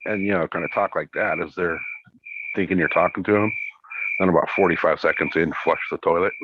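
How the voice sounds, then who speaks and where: A man with a very deep voice chatting in a laid-back, rambling way. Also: steady tone, a little fast. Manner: laid-back storyteller, lots of fillers. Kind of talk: casual chat. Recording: dull lo-fi line with noise.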